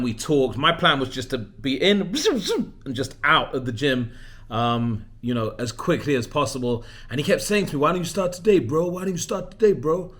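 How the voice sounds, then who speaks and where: A man's voice: medium pitch, a bit bright. Chatty self-mocking man in his forties. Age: 40s. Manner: chatty, self-deprecating, rambling with restarts. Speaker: leadership coach. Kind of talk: casual personal vlog.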